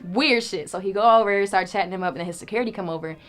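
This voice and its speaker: A young woman telling a story in casual chat, animated and profane, acting out what people said. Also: mid-range voice, rapid-fire. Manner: animated, profane, acts out quoted lines. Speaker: storyteller guest.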